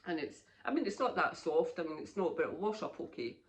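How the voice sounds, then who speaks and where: A woman's voice: on the low side, lively intonation, fairly quick. Chatty Scottish woman in her fifties. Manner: chatty, rambling, laughs often. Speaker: knitting podcast host. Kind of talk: casual chat.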